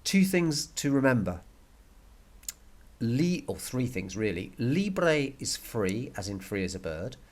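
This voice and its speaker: A man's voice: mid-range voice, very animated, takes it slowly. A man teaching a recorded language lesson, explaining step by step, repeating key words and checking with "okay?".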